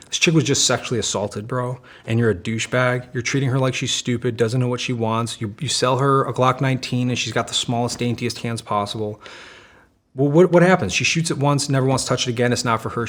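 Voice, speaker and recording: A man in his thirties, a former special operations Marine and firearms instructor, talking casually and animatedly as a podcast guest, swearing freely and saying "dude" often. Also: medium pitch. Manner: animated, profane, fast storytelling with frequent "dude" and "man". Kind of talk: casual conversational interview.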